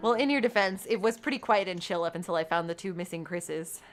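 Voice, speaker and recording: A young woman streaming a life-sim game, chatting to her viewers and often squealing with excitement. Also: fairly low pitch, fast talker. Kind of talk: gaming livestream chat. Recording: faint background game music.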